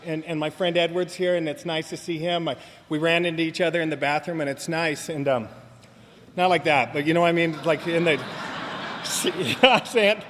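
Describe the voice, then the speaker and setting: High-voiced man joking in a reverberant hall. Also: fairly bright tone. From Southern California. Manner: joking, rambling storyteller, fond of asking "you know what I mean?". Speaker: speaker at a recovery meeting. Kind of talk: humorous recovery talk to an audience. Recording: live talk with long hall reverb.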